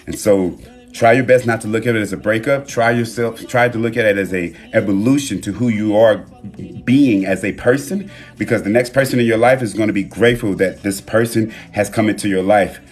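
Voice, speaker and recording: A man hosting a live stream from his phone, talking in a relaxed, reflective way with loose slang and pausing to read viewer comments. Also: fairly low pitch. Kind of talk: casual live-stream talk. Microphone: phone mic.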